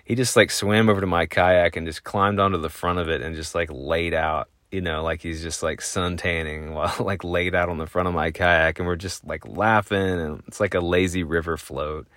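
Man, podcast host, rambling casual story, very deep voice, dry close sound. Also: fairly even intonation, normal speed, hardly any pauses, a bit bright, no echo. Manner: rambling, lots of fillers, chuckling.

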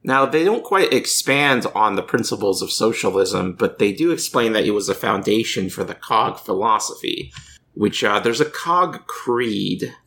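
Bright, deadpan man talking games. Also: fairly low pitch, moderate pace, slight background noise. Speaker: podcast co-host. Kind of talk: casual chat.

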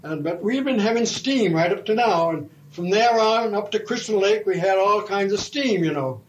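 A man's voice: sits high, lively intonation, normal speed, a little hiss or hum, poor audio. Older man spinning a folksy yarn. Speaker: retired railroad fireman. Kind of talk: oral history storytelling.

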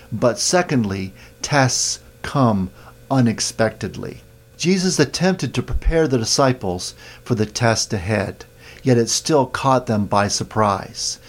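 Guy preaching slow and steady, leans hard on the key words. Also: medium pitch. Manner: measured, emphatic scripture reading. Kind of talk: sermon.

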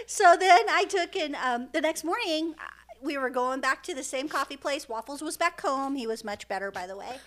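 A woman's voice: high-pitched, animated, normal speed, fairly bright tone. A middle-aged woman, a mother and podcast co-host, telling a funny story in casual chat and often laughing.

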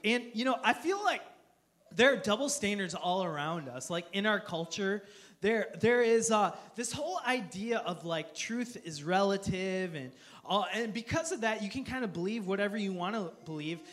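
A man's voice: high voice, animated, moderate pace, a bit bright. A man preaching a humorous sermon to a live audience, joking and asking the crowd for applause and amens. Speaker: pastor. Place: church auditorium with live audience.

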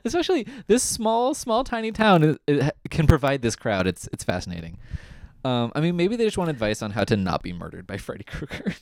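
Lively, chatty man recapping a show. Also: on the high side, a little fast, no echo. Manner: chatty and laughing, lots of ums. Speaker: podcast co-host recapping an episode. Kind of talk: casual chat.

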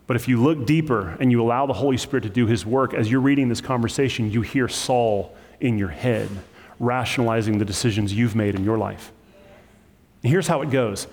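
Pastor guy preaching in a church, jumps his voice up for quotes, echoey big room. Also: moderate pace. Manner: animated preaching, acts out quotes with sudden high voices. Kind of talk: sermon. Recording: long hall reverb.

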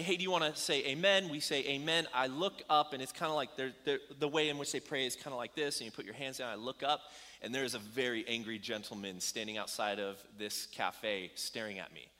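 Bright-voiced pastor in a reverberant hall. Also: male voice, mid-range voice, a little fast. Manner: conversational storytelling with fillers. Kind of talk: sermon. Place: church hall with about ninety people.

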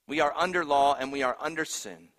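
A man preaching a sermon, swinging from hushed, grave lines to loud, emphatic ones. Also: a little high, fairly quick, in a large hall. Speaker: pastor.

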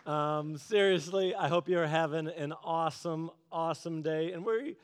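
A man's voice: fairly high pitch, moderate pace, smooth. A man preaching a casual, conversational sermon, telling stories in an earnest, chatty way. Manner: earnest, chatty storytelling with laughs.

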